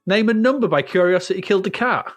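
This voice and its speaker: A man's voice: high voice, animated, quick pace, no room sound. Man reading out chart entries. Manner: reads out chart entries, dry jokes. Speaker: podcast co-host. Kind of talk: casual chat.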